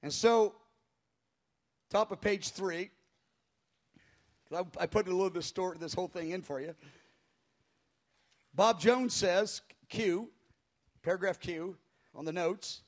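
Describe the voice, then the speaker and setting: A man pastor telling a story in a sermon before a live congregation, animated and halting, crying out when he acts out quoted voices. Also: sits high. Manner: halting with frequent restarts.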